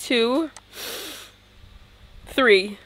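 A woman giving chatty, excitable commentary to her viewers as she plays a life-sim game, a gaming YouTuber talking casually to her audience. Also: fairly high pitch, extremely slow.

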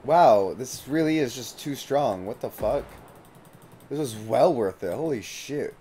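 A man's voice: medium pitch, expressive, unhurried, dark tone, slight background noise. A man streaming a video game live, chatting casually and swearing freely as he plays. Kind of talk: casual live gameplay commentary.

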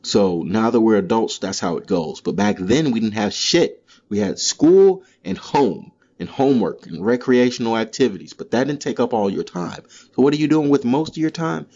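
Dude doing a cussing comedy podcast rant, kinda muffled lo-fi audio. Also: male voice, on the low side, normal speed, hardly any pauses. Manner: profane, animated ranting. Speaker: podcast host. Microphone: solo podcast mic.

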